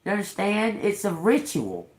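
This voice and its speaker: A woman's voice: medium pitch, very animated, normal speed. A middle-aged woman on a livestream, angrily telling a personal story with lots of cursing. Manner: agitated, profane ranting. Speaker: livestream host. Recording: roomy echo.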